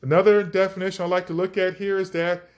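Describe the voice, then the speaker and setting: A man's voice: high voice, little pitch movement, fast talker, darkish tone. A man teaching scripture on a podcast, enthusiastic, stretching out key words for emphasis. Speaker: preacher.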